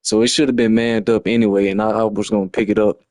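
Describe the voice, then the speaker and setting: A man's voice: lowish voice, level tone, fast talker, darkish tone, dry recording, studio quality. A man, breaking down a lost football video game in a frustrated, slangy ramble on a livestream. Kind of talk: casual game replay breakdown.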